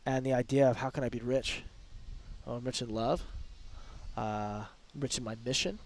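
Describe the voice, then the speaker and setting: A man's voice: mid-range voice, moderate pace. Emphatic male podcast guest. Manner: energetic, emphatic, often quoting example phrases. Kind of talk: conversational coaching talk.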